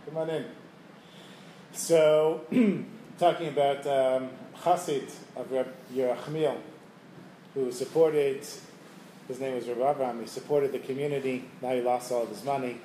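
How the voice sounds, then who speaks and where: A man telling a Hasidic story to a class, lively and chuckling, in a room with listeners. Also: medium pitch, a little slow, a little hiss or hum. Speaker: Torah teacher. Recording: roomy room, faint ambience.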